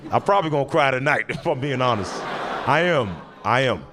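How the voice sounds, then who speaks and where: A man's voice: mid-range voice, lively intonation, brisk, background noise. A young man doing stand-up comedy, telling stories in a loose, conversational way and laughing often. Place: comedy stage with audience.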